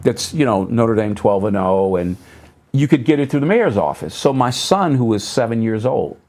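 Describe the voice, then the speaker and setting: A middle-aged man, a pastor, telling stories as a guest on a talk show, acting out others' words in sudden higher tones and dropping low on asides. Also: normal speed. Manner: animated storyteller, voices other people's remarks with sharp jumps up in pitch. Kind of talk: storytelling in a talk show conversation. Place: local public access TV studio.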